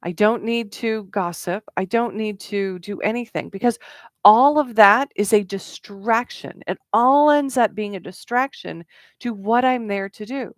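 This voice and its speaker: In a clean studio recording with no echo, a middle-aged woman speaks as a networking coach, talking casually to camera. Her pitch is medium and her pace a little slow, and she sprinkles in fillers and acted-out quotes.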